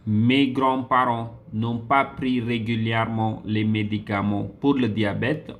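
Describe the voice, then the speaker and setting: A man's voice: fairly low pitch, fairly even intonation. Man patiently explaining a French lesson. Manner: explains slowly, repeats sentences, spells words letter by letter; frequent "okay" and "so" fillers. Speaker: French teacher. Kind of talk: classroom lesson walkthrough.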